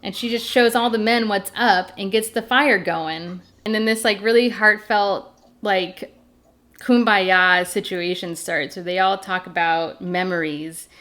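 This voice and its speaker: A woman co-hosts a casual podcast, recapping an episode with a bright, forward voice. She laughs easily and slips into quick imitations of the characters. Her pitch sits in an ordinary middle range. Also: steady tone. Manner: laughing, retelling scenes with quoted voices. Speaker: podcast co-host.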